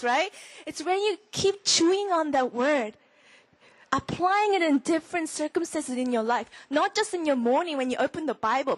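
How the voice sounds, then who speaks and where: A young woman gives a Bible lesson in an easy, chatty way. Her voice sits high, and the sound is dry and close. She often acts out her own inner thoughts and whispers verses to show how to ponder them. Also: expressive, moderate pace, dry recording, rough recording. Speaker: Bible teacher. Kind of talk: sermon-style teaching.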